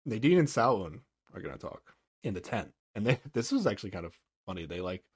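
Laid-back young man with a lively, low voice. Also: brisk, breathy edge. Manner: laughs often, hedges with "like" and "I don't know". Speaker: podcast co-host. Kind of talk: casual recap chat.

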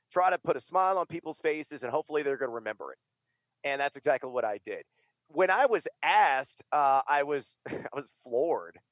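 A man's voice: on the high side, fairly bright tone, dry recording. A middle-aged man from the United States, a fantasy sports broadcaster and writer, talking in a casual interview with energy, emphasis and many fillers.

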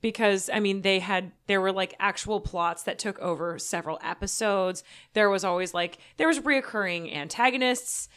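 A woman's voice: mid-range voice, normal speed, hardly any pauses, fairly bright tone, clean tone. Opinionated woman chatting on a podcast. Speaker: podcast co-host. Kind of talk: casual chat.

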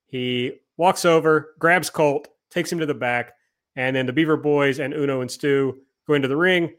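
A podcast host chats casually, recapping wrestling events from his notes in a self-deprecating way. His voice sits on the high side, a bit bright, at a moderate pace.

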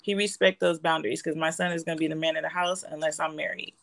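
Speaking fast and in a level tone, this low-pitched, gravelly woman has a fairly bright quality to her voice. She's in her forties, a guest in casual conversation who reflectively recounts stories about her family life, captured on a low-quality recording.

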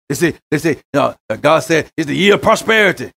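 A man with a high voice preaches a sermon. He swings between shouted exhortations and sudden quiet drops, as a pastor does when driving home a point. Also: expressive, fast, creaky.

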